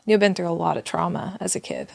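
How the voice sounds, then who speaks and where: A woman's voice: lowish voice, fast, gravelly, darkish tone, dry recording. A woman co-hosting a podcast, affirming and conversational, with frequent "mm-hmm". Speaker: podcast co-host. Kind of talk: casual interview talk.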